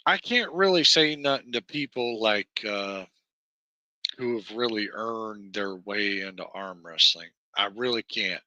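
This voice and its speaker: A man with a Southern American accent delivers a slow, profane, rambling livestream rant packed with fillers and restarts. His voice is very bright and cutting, and the sound is close and completely dry, with no room around it. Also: lowish voice, expressive, no echo, dull audio. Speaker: livestream host. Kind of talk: ranting livestream monologue.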